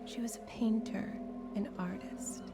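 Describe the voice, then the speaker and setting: A hushed game noblewoman tells of old family troubles in a flat, even tone that barely rises. Her voice slips toward a whisper. Game music plays clearly beneath her. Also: medium pitch, a little slow. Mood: hushed, wistful. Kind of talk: video game dialogue.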